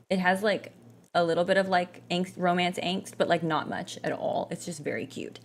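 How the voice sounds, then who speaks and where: Woman vlogger rambling casually over her game, kinda low voice, lots of ums. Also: a little fast, a little hiss or hum. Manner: chatty, rambling, lots of fillers and restarts. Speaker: gaming vlogger. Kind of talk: casual chat while gaming.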